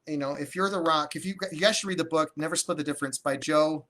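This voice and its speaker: A man's voice: fairly high pitch, fast, a bit bright. A man coaching on real estate deals during a livestream, talking energetically and conversationally, often restarting his sentences. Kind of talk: live-streamed teaching with viewer comments.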